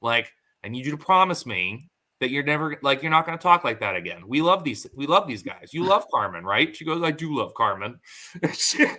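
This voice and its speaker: A man's voice: mid-range voice, fairly quick. A man in his thirties hosting a casual podcast, telling stories and acting out the voices of the people in them. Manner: animated storyteller acting out quotes. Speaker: podcast host.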